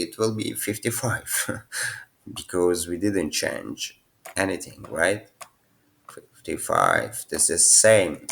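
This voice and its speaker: A man's voice: low-pitched, gravelly, a bit bright, a little hiss or hum. A young man with non-native phrasing, casually talking through programming quiz answers at his computer. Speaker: programming teacher. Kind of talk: casual screen-share tutorial.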